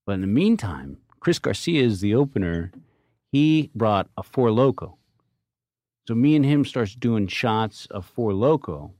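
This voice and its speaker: A comedian on a podcast, telling a casual, profane backstage story. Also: male voice, fairly low pitch, a little slow, dry recording. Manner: profane, animated anecdote-telling. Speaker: guest comedian.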